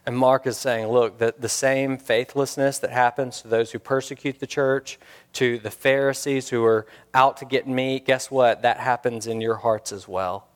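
A man preaches in an earnest, searching way, putting questions to his listeners and repeating his main points. His voice sits at an ordinary middle pitch. It rings out with the long reverb of a church sanctuary. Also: fairly even intonation, moderate pace. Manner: earnest, rhetorical questions, repeats key lines for emphasis. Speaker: pastor. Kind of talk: sermon.

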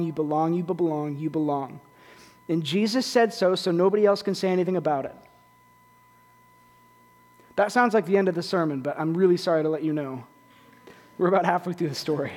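Male pastor, fairly high voice, animated sermon delivery with jokes, long church reverb. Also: a little hiss or hum. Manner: animated, joking asides to the congregation. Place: church sanctuary.

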